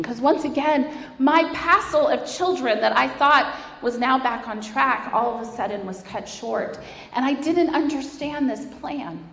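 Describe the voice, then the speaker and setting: A woman giving an earnest, emotional faith testimony as a mother, building her points through repeated phrases. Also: a little high. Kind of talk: personal faith testimony speech. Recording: echoey hall reverb.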